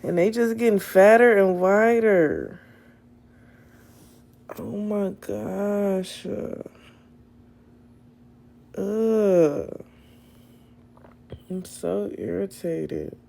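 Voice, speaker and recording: Young woman, livestream host, dark and gravelly, slow and blunt, casual phone chat. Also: medium pitch, expressive. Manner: blunt, profane and exasperated. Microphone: phone camera.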